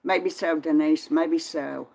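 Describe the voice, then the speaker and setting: An older woman, talking in a slightly low voice. She chats easily and folksily, greeting viewers by name as she reads the live chat. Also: steady tone, slow pace, gravelly, a little mellow. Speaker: vlog host reading live chat. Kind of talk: casual live-stream chat.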